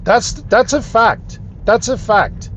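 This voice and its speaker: Male car vlogger, high voice, slow deliberate delivery, emphatic and indignant. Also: muffled recording, slight background noise. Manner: emphatic, indignant ranting with repeated phrases. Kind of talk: talking to camera. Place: in his car.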